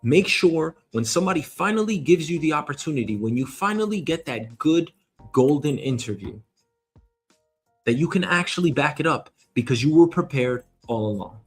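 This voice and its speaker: Emphatic man with a fairly high voice. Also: expressive, moderate pace, breathy edge, faint music behind. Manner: emphatic, swears casually. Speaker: show host. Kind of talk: energetic motivational monologue.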